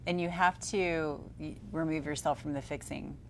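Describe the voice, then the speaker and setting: A woman's voice: low-pitched, fairly even intonation, normal speed, creaky, a little hiss or hum. A woman co-hosting a casual chat who talks in an earnest, rambling way. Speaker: co-host.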